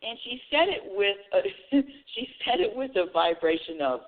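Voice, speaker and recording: A woman's voice: medium pitch, big pitch swings, moderate pace. A woman hosting a live talk radio show, telling a story in a chatty way. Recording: tinny phone line.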